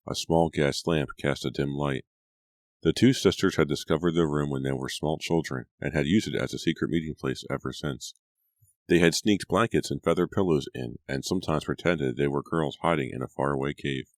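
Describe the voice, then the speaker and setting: A man narrating an audiobook in a steady, even storytelling manner. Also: a bass voice, moderate pace, no echo, studio quality. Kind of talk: scripted narration.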